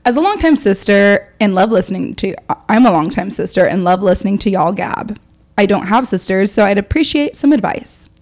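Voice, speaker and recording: A woman's voice: medium pitch, a little fast. A young woman co-hosting a podcast, telling stories in casual chat and reading listener emails aloud. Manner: animated storyteller, reads listener emails aloud. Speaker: podcast co-host.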